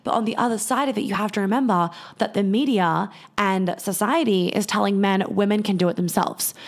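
A woman's voice: medium pitch, fairly quick. A woman speaking candidly to her viewers in a casual monologue, telling stories and swearing freely. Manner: candid, swears often, storytelling.

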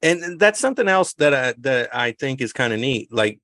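A man co-hosting a relaxed film podcast, joking with the others and steering the talk with questions. His voice is at an ordinary pitch and sounds close and dry, with little room sound. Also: moderate pace, no echo. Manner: laughs often, teasing, leads the questions. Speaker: podcast co-host. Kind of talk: casual movie review chat.

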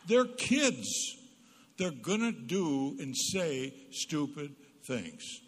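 A man's voice: fairly high pitch, very animated, extremely slow, slightly rough. A psychologist giving a humorous parenting talk at church, a storyteller who acts out the quotes he tells. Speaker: guest speaker, psychologist. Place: church hall. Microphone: PA microphone. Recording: reverberant church hall.

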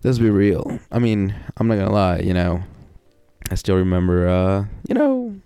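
A man with a low, gravelly voice talks slowly through a casual personal monologue. He rambles, fills gaps with "you know" and swears often. The sound is dry and close. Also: very animated, warm tone, dry recording, faint music behind. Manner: reflective, wry, sighs and laughs between thoughts.

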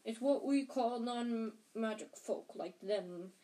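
A woman doing hagrid, a huge gruff guy, blunt and slow, bit louder than the narrating. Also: fairly high pitch, low-quality recording.

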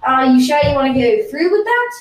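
A woman plays a self-proclaimed British guest on an improvised comedy podcast, but she has no real accent and sounds plainly American, rambling in a deadpan, unconvincing way. Her fairly high voice is brisk and sounds distant from the mic in a roomy space.

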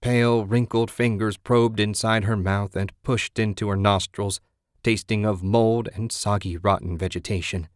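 A man reading a horror story aloud in a steady, grim voice. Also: on the low side, moderate pace, clean tone, dry recording, studio quality.

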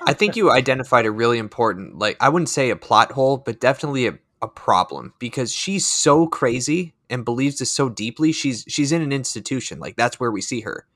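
A man with a bright voice, recorded dry and close, chatting on a movie podcast. He talks in a hesitant way and hedges each opinion. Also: mid-range voice, animated, fairly quick, hardly any pauses, dry recording. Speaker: podcast co-host. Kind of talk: casual movie discussion.

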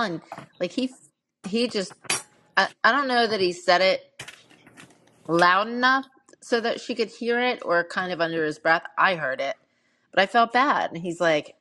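A middle-aged woman co-hosts a podcast, candidly telling dating stories in casual chat with plenty of fillers. Her medium-pitched voice is bright and forceful, at a normal speed.

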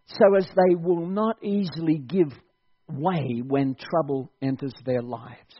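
A man's voice: fairly high pitch, takes it slowly, breathy edge, highs cut off. A man preaching a sermon at a church service, exhorting his congregation and laughing often as he talks.

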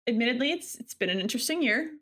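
Bright, chatty woman podcast host. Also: fairly high pitch, lively intonation, very fast. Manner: chatty and giggly, with fillers like "like". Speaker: podcast host and wedding photographer. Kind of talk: casual podcast chat.

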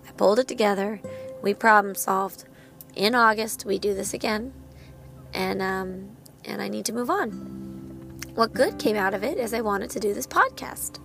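A woman's voice: mid-range voice, normal speed, gravelly, fairly bright tone, soft background music. A woman in her thirties hosting her own podcast as a parent of a child with medical needs, talking candidly and laughing at herself. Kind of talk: personal podcast monologue.

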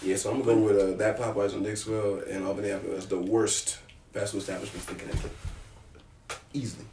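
A man co-hosting a casual chat, animated, acting out scenes and laughing. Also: fairly low pitch, fast talker, slight background noise. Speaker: podcast co-host. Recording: echoey room, mic at a distance, others talking over.

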